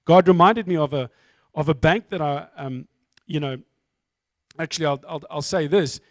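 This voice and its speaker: A man's voice: fairly high pitch, moderate pace, dry recording, clean studio sound. A middle-aged man from South Africa with a South African accent, giving a candid, self-mocking testimony talk as a guest speaker.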